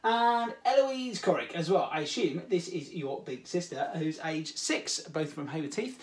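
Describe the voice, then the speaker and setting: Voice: mid-range voice, lively intonation, moderate pace. Playful host for children. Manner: theatrical, silly, addresses children directly. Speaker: children's activity show host. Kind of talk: playful kids' show presenting. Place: home, garden.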